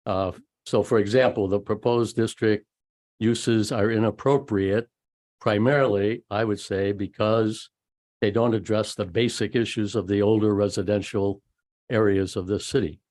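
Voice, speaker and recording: Low-voiced guy at a council mic, slow and careful, lots of uhs. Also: steady tone, a little mellow. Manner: measured, many "uh" pauses. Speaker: resident giving public comment. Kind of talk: public comment at council meeting. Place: city council chamber.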